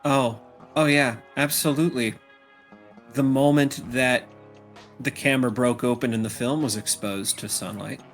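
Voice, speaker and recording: A man's voice: mid-range voice, fairly even intonation, moderate pace, soft background music, close to an everyday voice. A man doing a weary woman photographer. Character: weary woman photographer, drinking at her desk.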